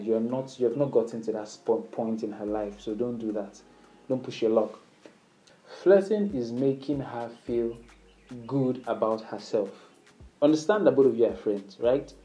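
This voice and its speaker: A man's voice: normal speed, dark tone, poor audio. A man talking casually to the camera, giving flirting advice in an instructive way. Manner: instructive, acts out sample lines in a higher playful voice. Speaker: dating advice speaker.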